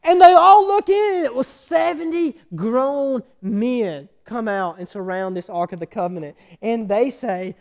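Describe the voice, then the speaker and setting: A man preaching a sermon, retelling a scripture story with animated energy and quizzing his listeners. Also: extremely high pitch, moderate pace, hardly any pauses.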